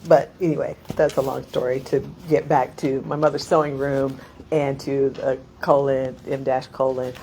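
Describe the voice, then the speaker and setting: Middle-aged woman, deep voice, chatty digressive storyteller at a reading, quick to laugh. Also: flat delivery, dark tone, a little hiss or hum, rough recording. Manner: rambling, laughing, many "like" fillers. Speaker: poet.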